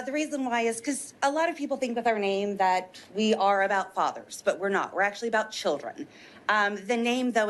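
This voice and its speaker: A woman giving earnest, persuasive public testimony as a witness at a legislative hearing. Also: fairly high pitch.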